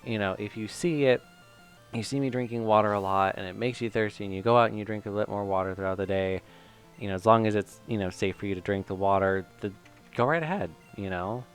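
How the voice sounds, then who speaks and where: A man's voice: lowish voice, fast talker, clear, resonant tone, soft background music. Rambling man streaming a game. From Michigan. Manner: rambling, self-mocking, chatty with fillers. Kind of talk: casual let's-play commentary.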